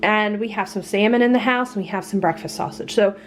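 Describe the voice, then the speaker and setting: A woman's voice: medium pitch, brisk, a little hiss or hum. A woman chatting casually through her grocery haul at home, chatty and worn out from being sick. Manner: chatty, lively price rundown, frequent laughs. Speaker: vlogger.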